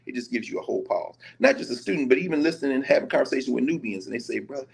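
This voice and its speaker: A man from Nashville, a professor talking in lively conversational commentary, telling stories with quoted dialogue and casual vernacular. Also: medium pitch, rapid-fire, gravelly. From Nashville, Tennessee. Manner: animated storytelling, slipping into quoted dialogue and casual Black vernacular.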